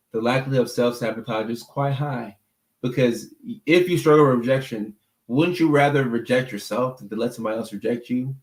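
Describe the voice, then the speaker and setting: A man's voice: mid-range voice, echoey room. A man hosting a casual livestream as a mental health clinician, answering viewer comments in an easygoing, talkative way and often repeating words as he thinks.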